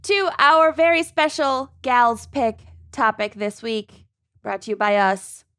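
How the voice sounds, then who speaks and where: Slow-talking joking woman podcast co-host. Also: on the high side, lively intonation, sharp tone. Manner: joking, scattered, laughing as she talks. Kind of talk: casual chat.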